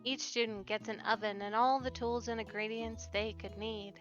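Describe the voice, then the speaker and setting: A woman's voice: a little high, flat delivery, moderate pace, hardly any pauses. A woman playing through a dating game, reading the narration aloud and making giggly, sarcastic asides. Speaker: let's-play host. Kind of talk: game playthrough with reading and commentary. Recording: dull lo-fi with background game music.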